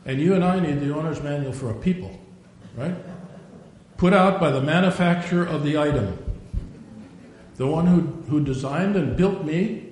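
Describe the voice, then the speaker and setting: A man's voice: moderate pace, long pauses, darkish tone. An older man preaching a sermon, a digressive storyteller who acts out the quotes he tells. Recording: very echoey room, faint rumble.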